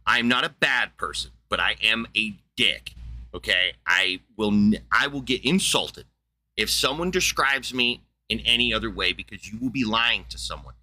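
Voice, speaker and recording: A man hosting a livestream, ranting in a blunt, profane, excitable way, with a wheezy laugh. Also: fairly low pitch, normal speed. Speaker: livestream host. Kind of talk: casual livestream rant.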